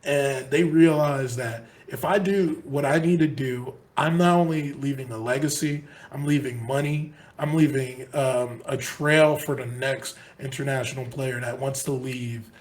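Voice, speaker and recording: A man's voice: medium pitch, steady tone, a little slow, hardly any pauses. A man co-hosting a sports podcast, talking casually in long, earnest, rambling stretches full of restarts. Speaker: podcast co-host.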